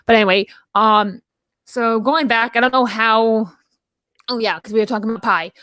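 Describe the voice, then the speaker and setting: A woman co-hosting a casual talk show, telling stories in a rambling, animated way full of restarts. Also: on the high side, normal speed, no echo. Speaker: podcast co-host. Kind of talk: casual chat.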